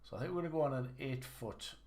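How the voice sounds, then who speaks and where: His voice is medium-pitched and a little mellow, and he speaks at a quick pace. This gaming livestreamer gives casual commentary on his snooker game, teasing his own play amid rambling restarts.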